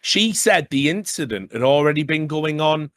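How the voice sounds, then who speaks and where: A man's voice: a little high, lively intonation, normal speed, fairly bright tone, no room sound. A man co-hosting a casual podcast, reading news stories aloud and breaking in with chatty asides. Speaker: podcast co-host.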